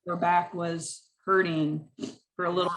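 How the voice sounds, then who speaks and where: Woman client, lowish voice, hesitant, faint background noise. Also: flat delivery, normal speed, poor audio. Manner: hesitant, restarts and qualifies. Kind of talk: casual chat.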